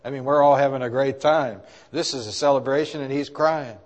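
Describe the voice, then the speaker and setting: A man's voice: mid-range voice, steady tone, brisk. Man preaching in a reverberant church hall. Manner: preaching with rises and drops in loudness, asking the congregation questions. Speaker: pastor. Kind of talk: sermon.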